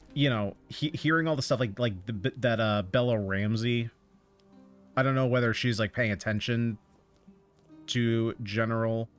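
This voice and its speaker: A man in the middle of his voice range muses aloud in an easygoing, rambling way while streaming a game. He gives his opinions freely. Soft game music plays quietly underneath. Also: medium pitch, clear, resonant tone. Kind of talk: casual chat while playing a game.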